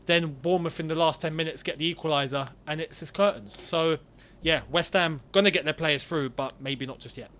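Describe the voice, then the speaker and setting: A man co-hosting a casual football chat, giving measured, thoughtful opinions. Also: a little high, fairly bright tone. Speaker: football podcast co-host.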